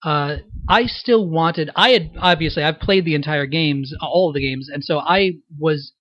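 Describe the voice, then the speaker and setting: A man's voice: a little high, normal speed, fairly bright tone, dry recording, lo-fi sound. A man, a voice actor, giving a thoughtful, explanatory audio commentary about his roles. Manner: thoughtful, explanatory, self-reflective.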